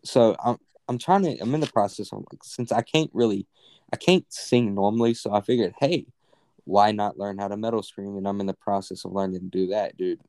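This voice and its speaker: A man's voice: lowish voice, a little fast, darkish tone, dry recording. A young man co-hosting a podcast, rambling in casual, unscripted chat full of fillers and swearing. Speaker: podcast co-host.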